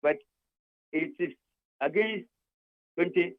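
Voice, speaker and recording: A man's voice: on the high side, slow pace, narrow, tinny audio. An older man with a Ghanaian accent, a labour union leader arguing emphatically on a radio talk show, repeating his points and switching between English and Twi.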